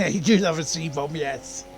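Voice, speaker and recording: A man's voice: a little high, a little slow, slight background noise. A man streaming a racing game in casual, rambling chat, often laughing and greeting viewers. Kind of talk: casual gaming livestream chat.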